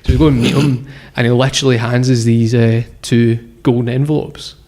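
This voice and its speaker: A man's voice: mid-range voice, flat delivery, a little fast, mellow. A man, a guest founder telling his story in a casual interview, rambling with lots of fillers and restarts. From Scotland. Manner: rambling, filler-heavy, self-correcting.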